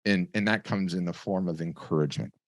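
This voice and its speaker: A middle-aged man hosting a webinar over a video call, giving a lively, conversational sales pitch. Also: a little fast, no room sound, clean studio sound. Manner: lively, conversational, tells stories with acted voices. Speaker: webinar host.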